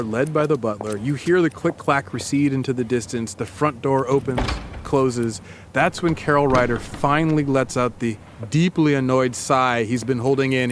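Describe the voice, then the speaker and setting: A man's voice: mid-range voice, a little hiss or hum. A male podcast host telling a dramatic story to his co-host in the second person. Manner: dramatic, builds scenes.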